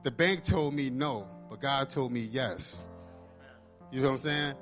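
A man's voice: mid-range voice, unhurried, fairly bright tone, faint music behind. A man preaching a testimony sermon, telling his story casually and acting out the dialogue.

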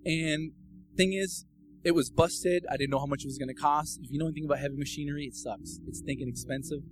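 A man giving a casual, personal sermon testimony that builds into fervent, loud preaching. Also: on the high side, fairly even intonation, fast, noisy background.

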